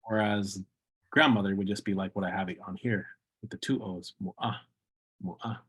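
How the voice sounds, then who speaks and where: A man teaching an online language class over a video call, patiently repeating words slowly for practice. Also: low voice, fairly even intonation, a bit bright, husky.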